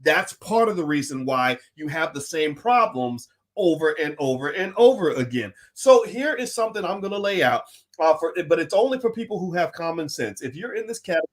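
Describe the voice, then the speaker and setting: A middle-aged man from the United States, hosting a livestream as a finance professor, talking in an emphatic, animated way that swings between loud and quiet. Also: fairly high pitch, fairly quick. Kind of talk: livestream commentary.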